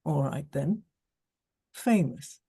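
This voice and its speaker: A woman's voice: low voice, lively intonation, slow, creaky, warm tone, slightly rough, no echo, pitched below the performer's own voice, heavily acted. A woman doing a smug posh young man. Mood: offhand.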